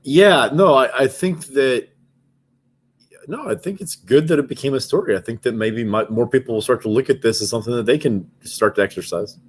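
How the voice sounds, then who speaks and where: A man co-hosting a podcast, chatting casually in a measured, dry way. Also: mid-range voice, husky. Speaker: podcast co-host. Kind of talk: casual chat.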